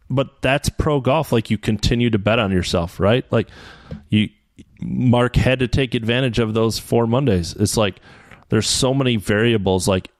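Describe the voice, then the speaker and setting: A man chatting on a podcast, telling animated stories and acting out what others said. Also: lowish voice, no echo, clean studio sound. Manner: animated storyteller, quoting others. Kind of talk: casual podcast chat.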